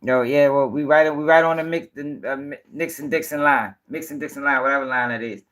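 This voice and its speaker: A man's voice: mid-range voice, fairly even intonation, fairly quick, a bit bright. A man hosting a livestream commentary show, talking bluntly and profanely and firing back directly at viewers in the chat.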